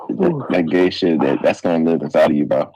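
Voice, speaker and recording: A man chimes in with short, agreeing remarks during a casual chat. His voice is very deep, husky, and animated in pitch. The sound is dry, with no room echo. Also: normal speed.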